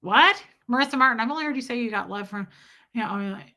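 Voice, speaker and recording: Woman streamer doing a loose friday night rant, kinda high voice, really bright and sharp. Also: rapid-fire. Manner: animated, swears, thanks chatters by name. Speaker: live-stream host. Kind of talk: casual live-stream rant.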